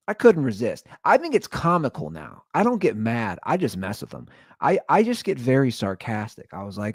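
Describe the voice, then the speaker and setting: A man in his thirties or forties hosting a podcast, telling stories in a sarcastic, exaggerated, animated comedic rant. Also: medium pitch, normal speed, dry recording, clean studio sound. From Anderson Township, Ohio, USA. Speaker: podcast host.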